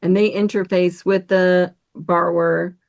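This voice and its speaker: A woman's voice: lowish voice, little pitch movement, a little slow, vocal fry, darkish tone. A woman hosting an interview podcast who asks questions and sums up points, often ending with "right?". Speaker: podcast host.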